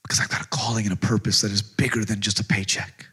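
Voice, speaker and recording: A man's voice: fairly low pitch, little pitch movement, fast talker, pushed and bright, breathy edge. A middle-aged man preaching as a pastor, passionate and conversational, often restarting his phrases. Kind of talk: sermon.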